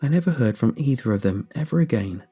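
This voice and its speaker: A man reading a first-person horror story aloud in a steady, measured way. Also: mid-range voice, husky, faint music behind. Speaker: narrator. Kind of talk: scripted horror story narration.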